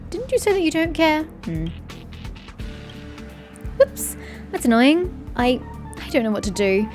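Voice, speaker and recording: A woman reading game dialogue aloud, voicing a blunt, sharp-tongued young woman researcher who is secretly socially awkward. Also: sits high, big pitch swings, a little slow, faint music behind, voice pushed up. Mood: flustered. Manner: curt and prickly, turning flustered.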